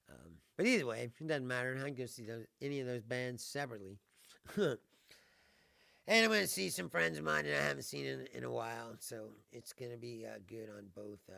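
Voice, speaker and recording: A man's voice: medium pitch, gravelly, fairly bright tone, dry recording, clean studio sound. A man hosting his own livestream as a comedian, chatting loosely and laughing often between stories. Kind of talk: casual livestream chat.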